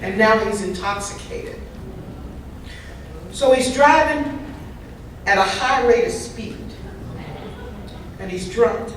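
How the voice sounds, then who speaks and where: Woman voice interpreter, medium pitch, easy humorous storyteller, picked up from far back in a very echoey hall. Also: lively intonation, slow pace, long pauses, a little hiss or hum. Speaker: voice interpreter for a signed recovery talk. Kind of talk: first-person interpreted speaker talk. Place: large convention hall.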